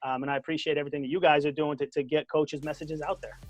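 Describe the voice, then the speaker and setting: A man with a Boston accent, a former basketball coach, talking as a guest in a casual podcast chat, animated and laughing often, stumbling over repeated words. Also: on the high side, racing, dry recording. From Boston area.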